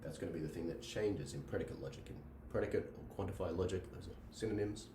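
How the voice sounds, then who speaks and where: A man's voice: low-pitched, fast, background noise. Man lecturing in an echoey classroom. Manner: repeats himself, checks in with "right?". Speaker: logic lecturer. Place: classroom with a board. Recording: echoey room, mic at a distance.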